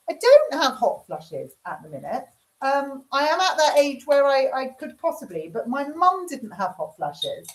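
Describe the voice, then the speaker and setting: A middle-aged woman hosts a casual livestream, her voice sitting a touch high. She chats frankly and reads out viewers' comments while she cooks dinner. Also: big pitch swings, moderate pace. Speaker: livestream host. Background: cooking dinner while talking.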